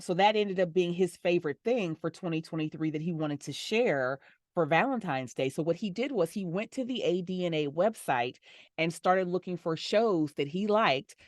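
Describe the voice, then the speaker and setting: A middle-aged woman, a voice actor and audio description narrator, answering interview questions in a warm, smiling way and laughing easily. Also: low-pitched, dry recording, clean studio sound.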